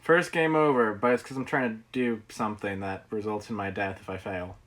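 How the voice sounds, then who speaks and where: A man's voice: on the low side, fairly even intonation, brisk, fairly bright tone, poor audio. A man streaming a video game, talking casually and laughing at his own mistakes. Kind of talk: casual gameplay commentary.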